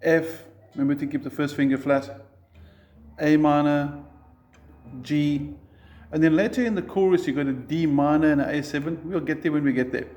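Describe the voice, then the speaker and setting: Patient man teaching guitar, mellow voice. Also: on the high side, fairly even intonation, normal speed. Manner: patient, counts beats aloud. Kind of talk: guitar lesson.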